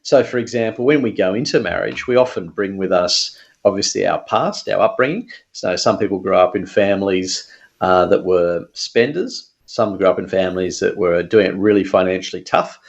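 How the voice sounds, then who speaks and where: A man with a low, gravelly voice speaks as a radio guest, explaining money matters earnestly. He uses fillers and restarts as he talks. His line sounds dull and muffled. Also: moderate pace. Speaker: financial advisor guest. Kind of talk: radio interview.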